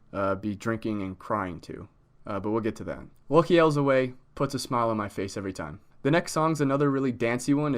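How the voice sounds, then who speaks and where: A young man reviewing a music album in a casual, joking, animated way, swearing now and then. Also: mid-range voice.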